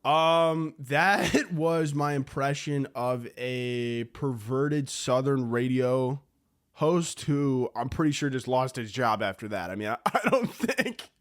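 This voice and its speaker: A man's voice: medium pitch, animated, takes it slowly. Rambling, joking young man podcasting. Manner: rambling, joking, sarcastic and profane. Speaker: podcast host. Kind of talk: casual solo podcast monologue.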